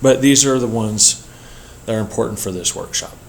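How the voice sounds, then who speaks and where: Man, lowish voice, workshop instructor, measured lecture delivery. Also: vocal fry, a little hiss or hum. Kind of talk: scripted lecture narration.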